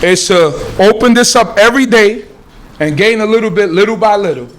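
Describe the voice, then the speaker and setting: A man leads a lively Bible study. His voice sits high, and he drives his points home with emphatic questions and call-and-response. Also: brisk, slight background noise. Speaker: teacher leading scripture study. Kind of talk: informal Bible teaching.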